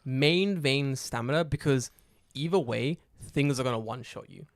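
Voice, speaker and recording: A man co-hosting a podcast in casual chat, animated and profane, acting out his own reactions. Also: mid-range voice, normal speed, creaky, no echo, clean studio sound. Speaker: podcast co-host.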